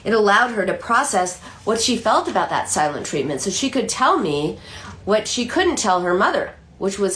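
Brief: middle-aged female psychoanalyst, animated storyteller, restarts sentences, lively pitch. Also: moderate pace, slight background noise. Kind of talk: explanatory talk.

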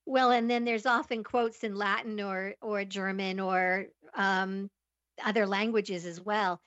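Woman co-host, curious and halting questions, dull dry sound. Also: medium pitch, steady tone, fairly bright tone, no room sound. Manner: curious, hesitant questions with fillers. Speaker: podcast co-host. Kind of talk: podcast interview.

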